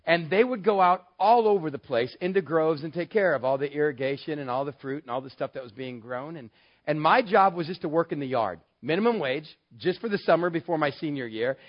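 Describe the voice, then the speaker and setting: A man from West Texas telling a personal story, lively and animated, acting out the voices in his dialogue. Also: fairly high pitch, a little fast. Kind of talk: personal anecdote told to an audience. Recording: dull, lo-fi sound.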